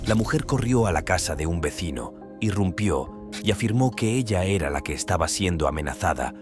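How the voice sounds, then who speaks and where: A man reading scripted true-crime narration in an even storytelling delivery. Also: low voice, quick pace. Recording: narration over loud music.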